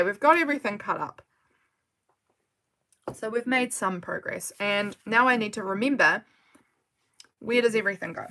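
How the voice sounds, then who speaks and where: Her mid-range voice is creaky and fairly bright as she chats live from her home desk while crafting. The talk wanders, and she laughs a lot as she works.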